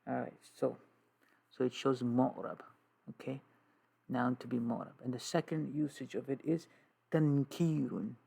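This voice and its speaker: A man teaching an Arabic grammar lesson, slow and repetitive, drilling terms with many "okay"s. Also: mid-range voice, steady tone, gravelly, warm tone, husky. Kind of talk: classroom lesson with writing.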